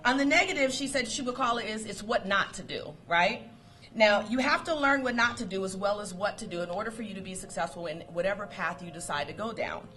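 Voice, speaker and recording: A woman giving a motivational talk to coworkers, lively and storytelling, quoting sayings and laughing often. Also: mid-range voice, a little fast, faint music behind. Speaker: motivational speaker.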